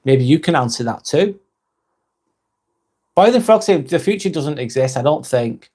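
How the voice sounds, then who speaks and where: Man, live vlog host, casual chat, reads comments aloud, slightly higher voice. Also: animated, normal speed, breathy edge. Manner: chatty, reads viewer comments aloud and answers them warmly.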